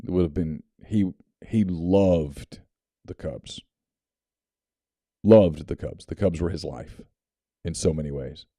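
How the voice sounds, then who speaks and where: A Southern US man co-hosts a sports podcast and tells relaxed, unhurried stories. His voice is very deep and very dark and mellow. The recording is dry and close to the mic. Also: no echo. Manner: relaxed anecdotal storyteller. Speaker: podcast co-host. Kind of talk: casual sports chat and ad reads.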